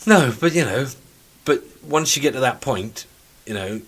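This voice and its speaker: A man's voice: medium pitch, expressive, moderate pace, fairly bright tone. Male co-host, blunt and playful, swears freely in casual chat. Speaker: podcast co-host.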